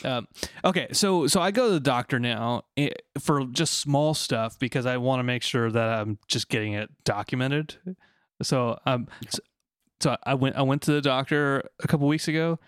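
A man's voice: mid-range voice, moderate pace, clear, resonant tone, no room sound, clean studio sound. A man in his thirties chatting casually and joking, often laughing. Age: 30s. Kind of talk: casual chat.

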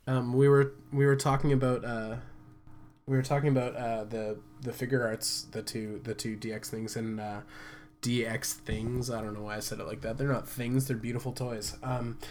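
A man's voice: medium pitch, flat delivery, normal speed, a little mellow. A man co-hosting a casual, joking podcast chat, laughing often and trailing off into fillers. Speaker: podcast co-host. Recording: background noise.

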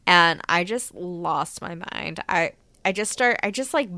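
A woman co-host of a podcast, telling stories in an excited casual chat, talking fast and swearing freely. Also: fairly low pitch, dry recording. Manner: fast, animated, laughing storyteller who swears freely.

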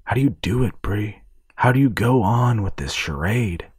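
A man voicing a tired, burned-out former agent who talks in a halting way in a storybook reading. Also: on the low side, animated, a little mellow, slightly rough, no echo, studio quality, voice pushed up. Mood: weary.

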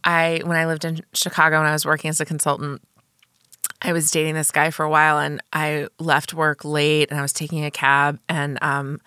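A woman's voice: sits low, little pitch movement, fairly quick, bright, forceful tone, smooth, no echo, studio quality. A woman co-host in casual chat, telling stories wryly and laughing as she goes. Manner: wry, laughing storyteller.

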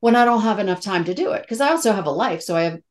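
A woman's voice: mid-range voice, animated, rapid-fire. A middle-aged woman, an actress, talking candidly and emotionally in a casual interview, with many fillers and restarts. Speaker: actress guest.

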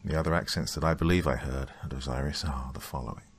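A man narrating a horror story in a measured, somber delivery. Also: extremely low pitch, steady tone, breathy edge.

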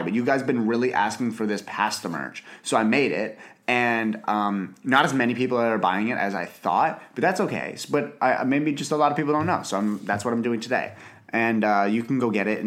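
A man's voice: on the low side, a bit bright. Rambling self-deprecating young man. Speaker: podcast host. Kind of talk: casual solo podcast chat. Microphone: podcast mic, filmed for video.

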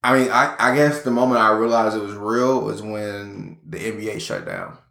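Man, young, deadpan, curt, bright, gravelly, echoey home studio. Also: on the low side, moderate pace. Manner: dry, curt, deadpan comebacks. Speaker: podcast co-host. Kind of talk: casual chat.

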